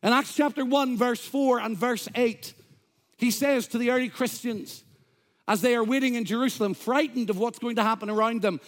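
A man's voice: very high voice, normal speed. A man, a Pentecostal pastor, preaching an emphatic sermon in church, quoting scripture and joking with the congregation.

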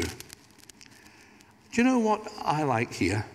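A man's voice: fairly high pitch, very animated, a little slow, slight background noise. A man preaching a sermon as pastor, talking conversationally with asides and light humor. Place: large church. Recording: hall reverb.

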